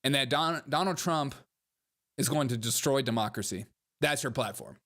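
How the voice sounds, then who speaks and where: A man hosting a casual livestream, reacting to comments and clips in a sarcastic, mocking and animated way. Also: medium pitch, moderate pace.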